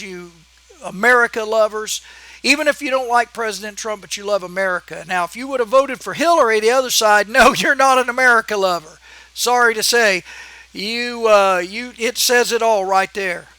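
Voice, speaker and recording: A man with a strikingly high, piercing voice rants on his own channel in a heated, emphatic way, scolding his critics as he goes. The sound is dry and close, with no room in it. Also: moderate pace, bright, forceful tone, no room sound. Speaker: channel host. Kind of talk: ranting political vlog monologue.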